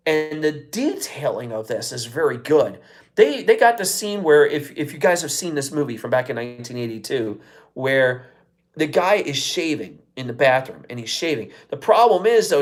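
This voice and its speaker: An American man hosting a live show, talking casually and excitedly, with heavy swearing and many fillers. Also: a little high. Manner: excitable, profane, lots of fillers. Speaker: podcast host. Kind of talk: casual live-stream chat.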